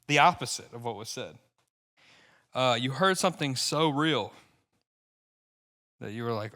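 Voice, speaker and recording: Bright-voiced young man ranting casually. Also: mid-range voice, expressive. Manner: profane, rambling, gets worked up fast. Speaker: podcast co-host and stand-up comic. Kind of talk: casual podcast chat.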